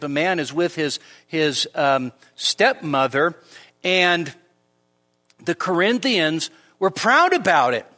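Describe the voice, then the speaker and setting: A man preaching a midweek church sermon, his voice bright and forward with a slightly raised pitch. He talks slowly and conversationally, full of fillers and asides. When he quotes scripture, his voice climbs noticeably higher and louder. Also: big-room sound. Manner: conversational, with frequent fillers and rhetorical "right?" checks; rises sharply in pitch and volume when quoting scripture. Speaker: pastor. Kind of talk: expository sermon. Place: church sanctuary.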